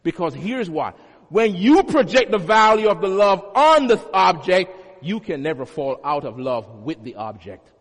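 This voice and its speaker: A male pastor preaches a sermon, teaching through emphatic repetition and homely everyday examples. His high-pitched voice is very animated but a little slow. A long hall reverb surrounds the recording.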